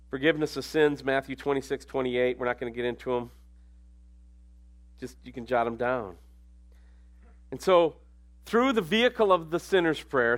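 This is a conversational sermon from a man with a mid-range voice, who slips into hushed asides before building up to emphatic lines.

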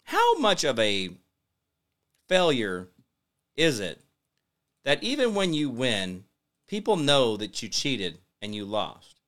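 A man's voice: mid-range voice, huge pitch swings, takes it slowly, long pauses, a bit bright. A man hosting a casual political commentary livestream, rambling and sarcastic as he reads viewer comments aloud. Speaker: talk show host.

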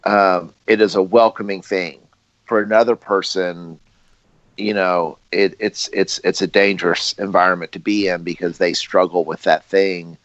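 A man with a very low voice talks haltingly, restarting his sentences often. The recording is dry and dull, with no room sound. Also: steady tone, a bit bright, no room sound. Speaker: podcast co-host. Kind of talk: casual chat.

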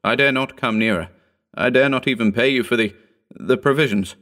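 A man's voice: medium pitch, fairly quick, a bit bright, pitched above the performer's own voice, natural voice. A man voicing a starving, hopeless castaway who calls from a rowboat and falters as he pleads. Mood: pleading.

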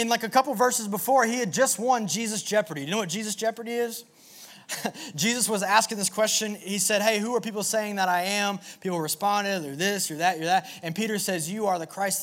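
A man preaching a sermon to a live audience in an animated, energetic way, with call-and-response. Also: high-pitched. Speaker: pastor.

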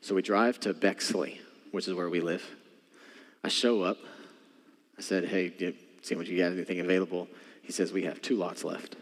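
Male pastor, sermon, animated storytelling, low-pitched voice, big reverberant church room. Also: normal speed, pauses often. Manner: storytelling, animated, addresses the congregation directly. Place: church sanctuary. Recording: church hall with long reverb.

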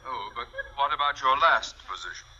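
An actor in a 1950s radio sitcom playing a pompous, easily outraged high school principal with a bombastic manner. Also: male voice, expressive, moderate pace, bright, forceful tone. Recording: dull old radio broadcast with hiss.

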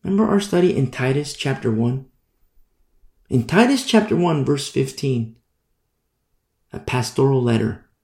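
A man preaching a Bible sermon in a conversational way, repeating and restarting phrases and slowing down to stress key words. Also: medium pitch, expressive, vocal fry, dark tone, echoey room.

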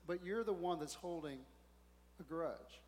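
A preacher voicing God as a calm, firm voice correcting a believer, with long hall reverb. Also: male voice, on the high side, a little slow, lightly acted. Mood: gently firm. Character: God speaking calmly to a believer.

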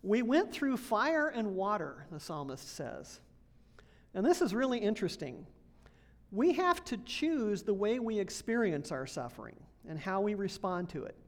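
Lady pastor giving a relaxed sermon in church, chatty, laughs a bit. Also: medium pitch, normal speed. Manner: conversational, laughs often, asks congregation questions. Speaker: associate pastor.

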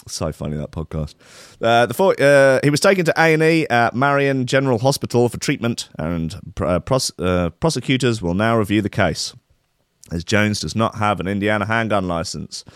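A man's voice: fairly low pitch, expressive, moderate pace, dry recording, clean studio sound. Sarcastic man hosting a live stream. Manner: rambling and sarcastic, with tangents. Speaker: host. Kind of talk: comic news chat on a live stream.

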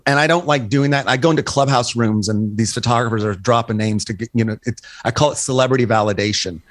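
A man's voice: mid-range voice, fast, no room sound. A man in his sixties, a guest photographer in a casual podcast chat, telling profane stories, acting out dialogue and laughing at his own punchlines. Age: 60s. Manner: animated storyteller, profane, acts out dialogue.

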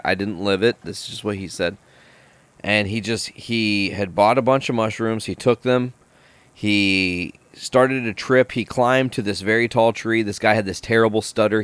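A young adult man hosting a podcast, telling stories in a casual, profane, animated way. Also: lowish voice, no room sound. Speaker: podcast host. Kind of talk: casual podcast chat, storytelling.

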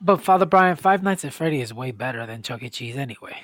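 A man from New Jersey chatting in a halting, conversational way on a call. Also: mid-range voice, expressive, fairly bright tone, no room sound. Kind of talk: casual chat.

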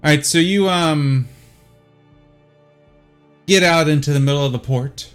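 A man with a Southern US accent narrating as game master in a relaxed, easygoing way, with frequent pauses. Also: a little high, faint music behind.

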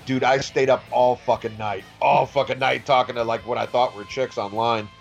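Gravelly man laughing through crude stories. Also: medium pitch, fairly even intonation, normal speed, dull audio, faint music behind. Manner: laughing, profane storytelling with stammered restarts. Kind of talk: casual chat.

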